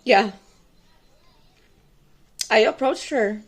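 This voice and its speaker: This adult woman, a tarot vlogger with two sons, has a fairly high, breathy voice and speaks very slowly. She tells a personal story to camera in a rambling, intense, defiant way, using lots of fillers.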